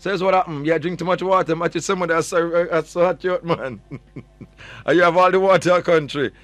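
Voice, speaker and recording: A man's voice: a little high, steady tone, normal speed, dry recording. A man with a Jamaican accent hosting a morning radio show, teasing listeners playfully and mixing patois into his English. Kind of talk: morning radio chat, reading out listener messages.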